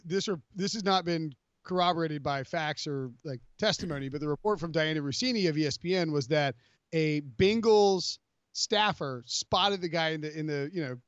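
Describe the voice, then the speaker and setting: A man hosting a sports podcast in casual chat, animated and rambling, full of fillers and self-corrections. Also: a little high, dry recording. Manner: animated, rambling, jokey with many fillers and restarts. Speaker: podcast host. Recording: dry, slightly dull podcast audio.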